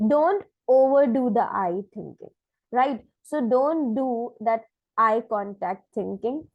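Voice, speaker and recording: A woman's voice: on the high side, expressive, slow, no room sound, dull audio. A woman teaching an online lesson, explaining points step by step and checking in with "right?". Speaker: IELTS teacher.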